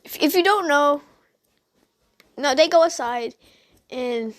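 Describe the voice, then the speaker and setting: A woman's voice: sits high, takes it slowly. A woman casually retelling a fan story to her viewers, hesitant and full of "um"s and restarts, chatting straight at the audience.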